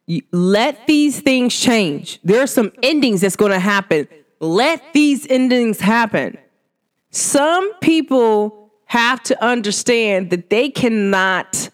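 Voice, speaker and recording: A spiritual energy reader who talks casually and directly to listeners, humming "mm" between thoughts and swooping up high when laughing. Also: clean tone. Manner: chatty and animated, addresses listeners directly; hums and drawn-out "mm" sounds between thoughts. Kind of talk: casual spoken energy reading to viewers.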